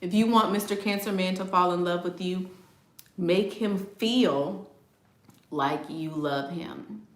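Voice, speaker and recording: A woman's voice: fairly low pitch, slow, echoey room. A middle-aged woman hosting a casual chat, talking emphatically, repeating her points and laughing often. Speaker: astrology video host. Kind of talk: casual live chat reading comments.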